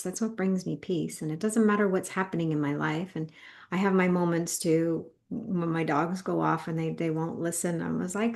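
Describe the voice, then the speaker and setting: A woman co-hosting a spiritual session, talking in a calm, measured way. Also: fairly low pitch, vocal fry. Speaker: co-host and spiritual teacher. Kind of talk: spiritual talk.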